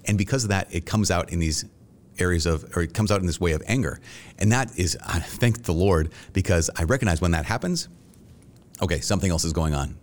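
A man's voice: sits low, brisk. A middle-aged man, a Catholic priest, answering interview questions in an earnest, reflective way and acting out his own past thoughts. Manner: earnest and reflective, with animated self-quotes.

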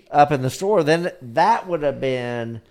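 A slightly buzzed man hosting a casual chat, reacting with swearing and excitement. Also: on the high side, takes it slowly. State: a little buzzed.

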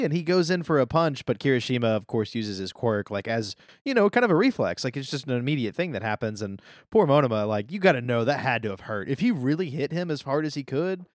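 A man with a lively, swooping pitch recapping scenes in casual podcast chat. He acts out the quoted lines as he goes. The sound is dry and close to the mic. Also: quick pace, few pauses, no echo. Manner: expressive storytelling, recounts scenes with quoted lines. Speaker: podcast co-host.

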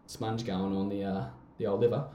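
A man's voice: fairly low pitch, level tone, normal speed, warm tone, roomy sound, a little hiss or hum. A young Australian man with an Australian accent, telling rambling stories in casual chat, swearing and laughing often.

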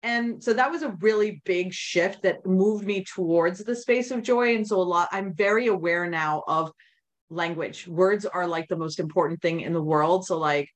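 A woman with a somewhat low voice speaks as a podcast guest. She tells her personal story candidly, looping back through restarts and acting out her own inner thoughts as she goes. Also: moderate pace. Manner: rambling, with many restarts and quoted inner thoughts.

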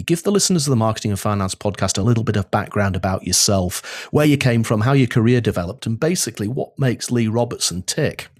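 An English man hosting a podcast interview over a video call from home, chatty and lively. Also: mid-range voice. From England. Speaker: podcast host. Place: home, on a windy day.

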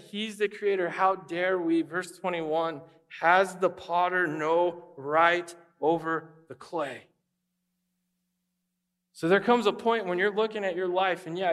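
A man preaching a conversational sermon as pastor, animated and acting out quoted voices. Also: high voice.

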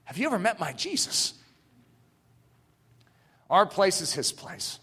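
A man preaches with fervor in a high, ringing, bright voice, climbing to shouts and then sinking to a hushed near-whisper. His sermon carries a long reverb from a church hall. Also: very animated, takes it slowly, breathy edge. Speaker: pastor.

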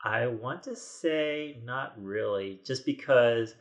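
A man's voice: medium pitch, slow pace. A man in his forties tells a story on a podcast, circling back with restarts and quoting what people said. His voice sits in a middle register and stays casual and chatty. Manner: rambling, many restarts and quoted asides. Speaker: podcast guest.

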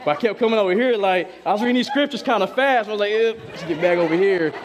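A young adult man preaching a casual sermon, animated and joking, using slang and acting out conversations. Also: high voice, fast, crowd noise, background noise. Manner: animated, joking storyteller with slang, acts out dialogues. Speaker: pastor.

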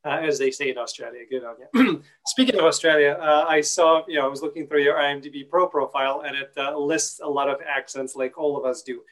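A man hosting an interview, asking long rambling questions in an easygoing way with many pauses. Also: on the high side, little pitch movement, fairly bright tone, low-quality recording. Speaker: interviewer and actor.

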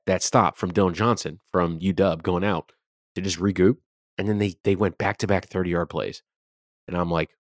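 A man's voice: low-pitched, dry recording, clean studio sound. A man co-hosting a sports podcast, talking casually and animatedly, swearing freely as he rants about games. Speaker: podcast co-host.

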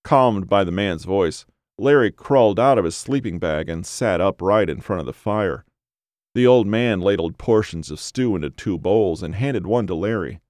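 Recorded up close with no echo whatsoever, a man with a very deep, slightly mellow voice narrates a grim horror story in an animated yet measured, dramatic way. He paces and stresses each line for suspense.

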